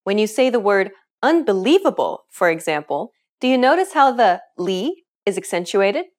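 Upbeat woman teaching, lively pitch. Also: moderate pace. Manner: clear, upbeat explaining with questions to the learner. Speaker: language teacher. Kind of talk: scripted lesson narration.

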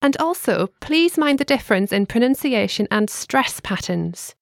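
Higher-voiced woman co-hosting a language lesson. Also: sing-song, no echo, studio quality. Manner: bright, clear teacherly delivery, slowing to spell words.

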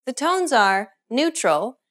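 Lively-voiced woman teaching a lesson. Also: high-pitched. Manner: clear, measured instructional delivery. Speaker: language teacher. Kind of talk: scripted lesson narration.

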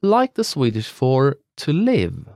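A man's voice: medium pitch, huge pitch swings, slow pace, mellow, no room sound, clean studio sound. A man co-hosting a scripted language lesson, upbeat and encouraging toward listeners.

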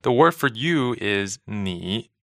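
A man from China co-hosts a language lesson, answering briefly and modeling words clearly. His voice is low but bright and forward. The mic is close and dry. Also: expressive, takes it slowly, no room sound. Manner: brief, affirming, models pronunciation.

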